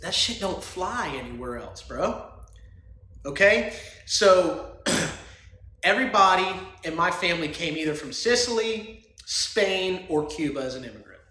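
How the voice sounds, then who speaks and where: A man's voice: sits high, big pitch swings, unhurried, bright, forceful tone, echoey room. A man hosting a solo podcast, talking in a rambling, crude and opinionated way and laughing often. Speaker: podcast host.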